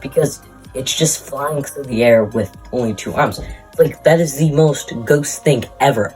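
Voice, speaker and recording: A man's voice: medium pitch, unhurried, darkish tone, faint music behind, low-quality recording. A man giving rambling, crude casual commentary, out of breath, with jokingly insulting asides. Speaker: YouTuber ranking Pokémon.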